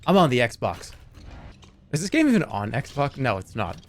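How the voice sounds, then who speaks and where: A man's voice: mid-range voice, wildly swooping pitch, normal speed, a little hiss or hum. A man streaming a game, rambling and joking in casual chat while reading viewer messages aloud. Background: faint game music.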